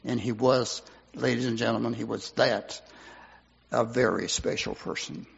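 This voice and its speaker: A man's voice: mid-range voice, steady tone, normal speed, creaky, husky. An older man, a pastor, delivering an earnest funeral sermon, his voice swelling and dropping for emphasis. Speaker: pastor giving a eulogy. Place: church sanctuary. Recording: muffled hall recording with long reverb.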